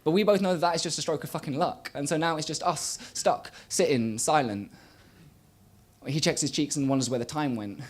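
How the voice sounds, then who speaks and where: Young male spoken word poet on a small stage; rhythmic, shifts from loud bursts to near murmurs, slightly high-pitched. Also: a little fast. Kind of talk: live spoken word performance. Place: small live venue stage.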